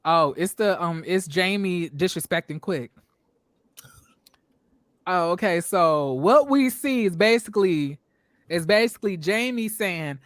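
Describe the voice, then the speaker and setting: Animated, profane male reality-TV reviewer. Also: sits high, unhurried, no room sound, clean studio sound. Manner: animated, profane, laughing, puts on voices when quoting. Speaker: show host. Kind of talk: casual reality TV review chat.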